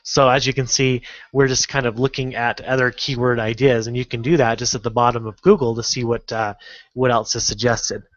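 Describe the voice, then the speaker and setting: A man teaching an online course in a casual, halting screen-recorded tutorial, full of fillers and restarts. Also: medium pitch, fairly even intonation, no echo, muffled recording. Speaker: online marketing instructor.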